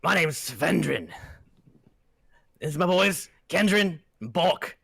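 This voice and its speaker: A man's voice: a little high, lively intonation, vocal fry, fairly bright tone, husky, no echo, voice pushed up, exaggerated voice. A man doing a chatty dwarf foreman. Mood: folksy. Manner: rambling, halting with fillers. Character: gruff male dwarf foreman, chatty and folksy.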